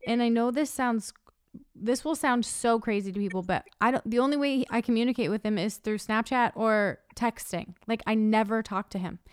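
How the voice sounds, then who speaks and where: Middle-aged woman, podcast co-host, casual chatty storytelling, slightly high voice, smooth and clear, dry close sound. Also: moderate pace, dry recording. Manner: chatty storyteller, acts out quotes, laughs often. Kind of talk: casual chat.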